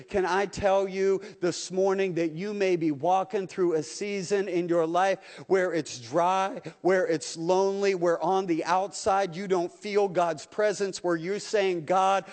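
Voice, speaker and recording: A man's voice: high voice, fairly even intonation, a little slow, hardly any pauses, a little mellow. A male pastor preaching a sermon in a church, earnest, telling a story and then pressing his point with passion. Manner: earnest, building to a passionate appeal. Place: church sanctuary. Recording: long reverb of a church hall.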